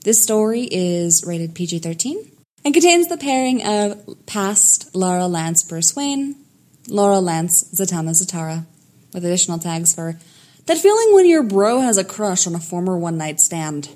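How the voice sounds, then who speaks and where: A woman narrating a fan fiction story in a lively storytelling manner. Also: lowish voice, normal speed.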